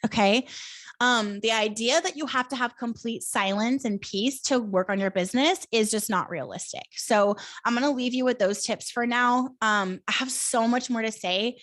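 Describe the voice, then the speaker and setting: A woman's voice: on the high side, normal speed, fairly bright tone, dry recording. A woman in her thirties hosting a live coaching talk, casual and encouraging, with many fillers. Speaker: host.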